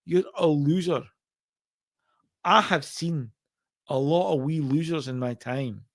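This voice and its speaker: A man's voice: a little high, slow pace. A man doing a sneering Scottish wrestler heel. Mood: mocking. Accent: put-on Scottish. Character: sneering male wrestler, cocky taunting heel.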